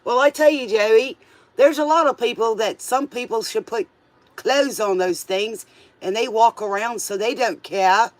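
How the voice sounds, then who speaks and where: A man's voice: high-pitched, measured pace, no room sound. A man doing a casual tarot reading, chatty and playful, with joking asides. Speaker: tarot reader.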